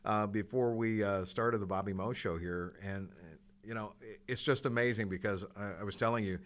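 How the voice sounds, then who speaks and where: A man's voice: on the low side, moderate pace. Chatty male college sports show host. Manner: relaxed, chatty, frequent fillers and restarts. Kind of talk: casual interview and sports news roundup.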